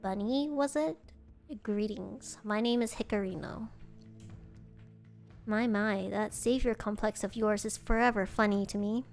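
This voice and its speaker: A woman's voice: medium pitch, a little slow, a little mellow, soft background music, lightly acted. A woman voicing a cold, haughty male spirit who speaks with mocking contempt, in a fan-made dating game. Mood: contemptuous.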